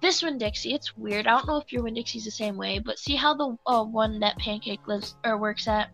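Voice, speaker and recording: A woman's voice: fairly high pitch, fairly quick, creaky, a bit bright, soft background music. A young woman who works as a cashier, telling a story in casual chat, acting out customers and laughing along.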